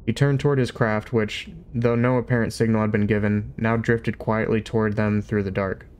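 A man's voice: lowish voice, smooth. A man reading a novel aloud at an easy pace, with an occasional slip of the tongue. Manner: steady, unhurried storytelling with occasional slips. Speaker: audiobook reader. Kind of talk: amateur audiobook reading.

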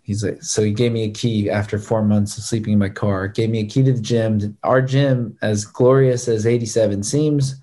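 Animated storytelling man. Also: lowish voice, normal speed, hardly any pauses. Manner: animated, acts out other people's lines. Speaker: stunt performer and guest. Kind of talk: casual storytelling chat.

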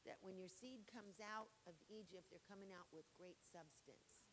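A woman preaching a sermon with fervor, swinging from loud exhortation to soft acted asides. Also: mid-range voice, moderate pace, background noise. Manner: fervent, shifting between shouted exhortation and soft acted asides.

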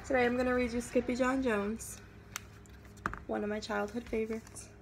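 A teacher reading a picture book aloud to her class with expressive, animated storytelling. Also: fairly high pitch, normal speed, background noise.

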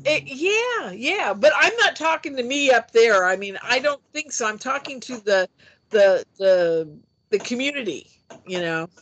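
A woman telling a personal story in a casual interview, animated and chatty, acting out the voices she quotes. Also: a little high, unhurried, a little hiss or hum. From United States. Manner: chatty with frequent fillers. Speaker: interview guest, UFO experiencer.

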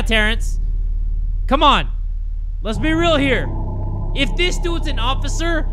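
A man giving loud, jumpy commentary on a horror game, swearing and joking through his fear. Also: very high voice. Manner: jumpy, swears a lot, yells at monsters then jokes. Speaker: gaming YouTuber.

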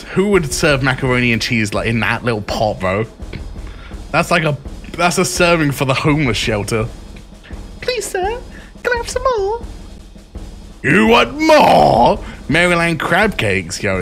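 Lively, crude-joking young man streaming. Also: mid-range voice. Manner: crude, joking, reacts loudly to each item. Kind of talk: live stream reaction, reading aloud.

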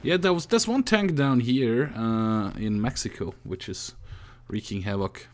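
A man's voice: mid-range voice, a little slow. A man with a Russian accent chatting casually while playing a strategy game with a friend, thinking aloud as he goes. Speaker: gamer. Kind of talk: casual gaming chat.

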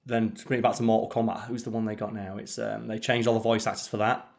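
A man's voice: lowish voice, little pitch movement, quick pace, creaky, darkish tone. A man co-hosting a let's play, chatting casually and opinionatedly while gaming, with the odd swear.

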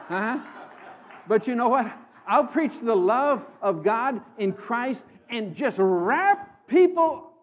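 A man from the American Midwest preaches a sermon in a church with a fairly high voice. He talks slowly and deliberately, rising into loud proclamations and then dropping to near hushes for emphasis. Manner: impassioned, dramatic swings between loud proclamation and hushed emphasis. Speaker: guest preacher.

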